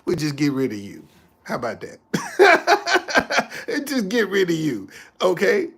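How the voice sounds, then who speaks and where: A man hosting a casual livestream, talking back to commenters in an animated, repetitive way and laughing often. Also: on the high side, moderate pace, gravelly, husky. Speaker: livestream host.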